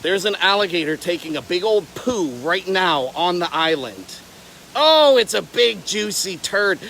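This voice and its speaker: Livestreaming outdoors, a young man from Florida who keeps alligators rambles playfully and jumps across tangents. His voice sits high with a sharp tone, and the low-quality recording has a little hiss or hum.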